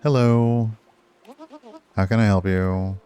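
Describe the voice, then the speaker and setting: A man's voice: fairly low pitch, fairly even intonation, slow, warm tone, faint music behind. A man voicing a sleepy young male shopkeeper in a cosy video game, bored and drowsy.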